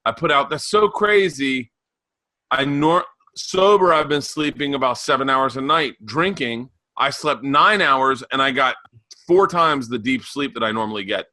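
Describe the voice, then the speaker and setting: Animated storyteller man, bright and dry. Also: medium pitch, unhurried, no room sound. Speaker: podcast guest. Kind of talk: casual chat.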